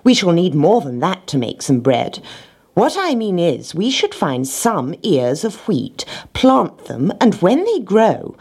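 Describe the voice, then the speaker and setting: A woman's voice: fairly low pitch, big pitch swings, slow, darkish tone, husky, voice pushed up, heavily acted. A woman voicing an earnest, bossy little hen in a storybook reading. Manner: earnest, persuasive, explaining.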